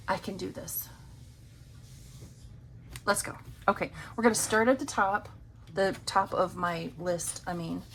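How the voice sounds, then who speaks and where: A woman vlogging about her budget at home, chatting casually and rambling with many pauses and ums while counting cash. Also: mid-range voice, vocal fry, slight background noise, low-quality recording.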